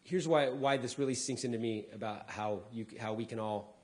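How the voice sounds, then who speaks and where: A man, a comedian, speaking casually to a live audience, acting out people's lines with big pitch jumps and dropping low for asides. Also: normal speed. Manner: drops to a quieter, lower voice for asides. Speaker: comedian giving a talk.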